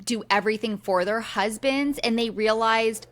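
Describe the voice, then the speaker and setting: Woman co-host chiming in, slightly high voice, easygoing chat. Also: moderate pace, few pauses. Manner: supportive listener, short agreements, musing. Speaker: podcast co-host. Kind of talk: casual chat.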